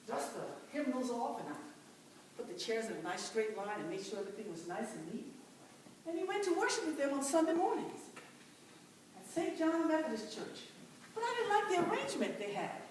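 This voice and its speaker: Woman acting as a devout determined mother once enslaved, first-person stage monologue, impassioned and exclamatory, high voice, very echoey church from afar. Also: a little hiss or hum. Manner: impassioned, with many cries of "oh". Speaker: church dramatic performer. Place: large church sanctuary. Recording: very echoey church, mic far off.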